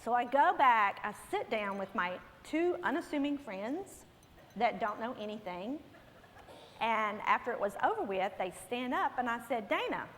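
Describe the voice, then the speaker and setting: A pastor's wife telling a humorous story to a women's conference, animated and laughing, her voice climbing into near shouts. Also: a little high, moderate pace. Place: large church hall with audience. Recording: long hall reverb, faint room noise.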